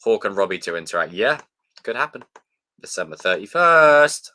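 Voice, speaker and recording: A man's voice: fairly low pitch, sing-song, normal speed, bright, forceful tone. A young man hosting a live stream, chatting loosely, swearing and thanking viewers by name. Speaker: livestream host. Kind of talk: casual live stream sign-off chat.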